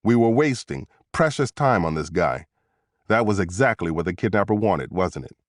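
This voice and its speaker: Low-voiced male thriller narrator. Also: moderate pace, no room sound. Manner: steady, tense storytelling. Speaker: audiobook narrator. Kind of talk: scripted first-person narration.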